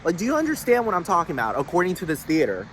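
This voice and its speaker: A young man talks in a loose, rambling monologue, swearing constantly and leaning on "like" and "dude." His voice sits a little high for a man. Faint city traffic hums behind him. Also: wildly swooping pitch, very fast, fairly bright tone.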